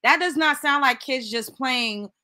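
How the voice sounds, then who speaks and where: High-voiced woman ranting, bright sharp tone, cussing and disbelieving. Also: unhurried. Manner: blunt, cursing, incredulous. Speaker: host. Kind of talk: profane reaction commentary.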